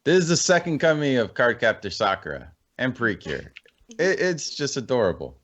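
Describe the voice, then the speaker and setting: A man in a casual podcast chat, animated and rambling as he thinks aloud. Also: medium pitch, normal speed, lo-fi sound. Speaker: podcast co-host.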